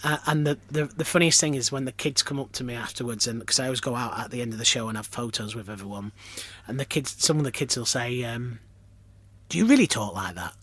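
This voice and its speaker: A man's voice: medium pitch, fast, hardly any pauses, fairly bright tone, dry recording. A man from Lancashire, a pantomime performer, chatting as a podcast guest in a self-deprecating storytelling manner with many restarts. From Lancashire, England. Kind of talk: casual interview chat.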